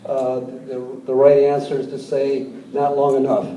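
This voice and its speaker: A man's voice: mid-range voice, monotone, unhurried, lo-fi sound. A man in his sixties giving a folksy, joke-filled political speech to an audience in a large hall. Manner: folksy, tells jokes, repeats words. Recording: echoey hall, distant mic, crowd noise.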